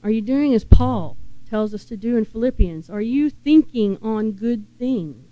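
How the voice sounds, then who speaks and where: A woman preaching a sermon in an earnest, unhurried way and asking her listeners many questions. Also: a little high, animated, dry recording, dull audio.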